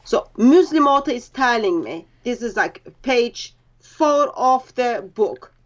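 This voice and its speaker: A woman's voice: a little high, animated, takes it slowly. A woman guest on a live stream, explaining things hesitantly with many fillers over a video call. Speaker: guest co-host. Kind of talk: casual live stream talk. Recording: muffled lo-fi video call audio.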